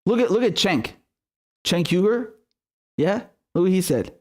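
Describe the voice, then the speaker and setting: A man's voice: high-pitched, animated, unhurried, pauses often. A male political commentator delivering a profane, sarcastic and exasperated solo rant.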